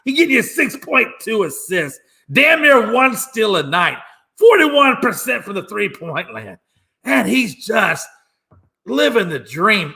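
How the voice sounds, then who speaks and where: A man's voice: high-pitched, sing-song, measured pace, creaky, bright, forceful tone. A man hosting his own sports talk show alone, ranting emphatically and mockingly, repeating lines for effect. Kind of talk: solo sports talk rant.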